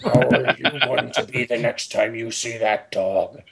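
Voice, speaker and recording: A man voicing a gruff male ogre who reads out stern advice in a lecturing way. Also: medium pitch, fairly even intonation, over a noisy crowd. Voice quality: gravelly, slow. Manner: reads aloud sternly, lecturing, stifling laughter. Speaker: podcast co-host. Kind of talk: comedic reading of an online post.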